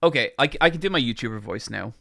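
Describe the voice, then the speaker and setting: A man's voice: medium pitch, lively intonation, rapid-fire, creaky, pushed and bright, no room sound, clean studio sound. A man with an Irish accent chatting on a live stream into a microphone. He projects his voice and rambles with many fillers. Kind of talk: casual chat on a live stream.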